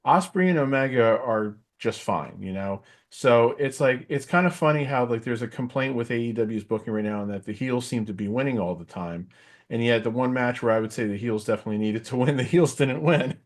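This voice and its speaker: Speaking a little fast at a medium pitch, a middle-aged man co-hosts a podcast about wrestling. It's a rambling, casual chat packed with fillers and animated asides.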